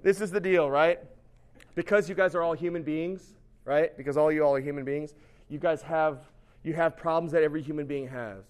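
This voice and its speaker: A man's voice: a little high, brisk, clean tone. A middle-aged male pastor giving a casual, chatty sermon that is peppered with "right?" and acted-out quotes. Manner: chatty and animated, keeps asking "right?".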